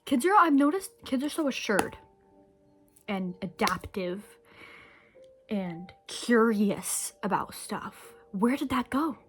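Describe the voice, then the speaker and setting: Soft music plays behind a young woman vlogger whose voice is fairly high, expressive, slow and a bit bright. She chews candy while rambling reflectively to camera, becoming emotional and at moments almost whispering.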